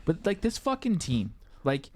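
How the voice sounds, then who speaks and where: A man's voice: fairly high pitch, wildly swooping pitch, a little slow, no echo. A man co-hosting a casual podcast, blunt and opinionated, swearing casually. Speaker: podcast co-host. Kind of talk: casual chat.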